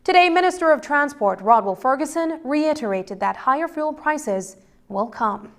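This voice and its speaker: A woman reporter giving scripted news narration in a measured, crisp delivery. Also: high-pitched, animated.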